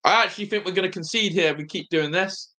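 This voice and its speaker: A young man hosting a live football watch-along, nervous and excitable, groaning low one moment and shouting with joy the next. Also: fast talker. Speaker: fan watch-along host.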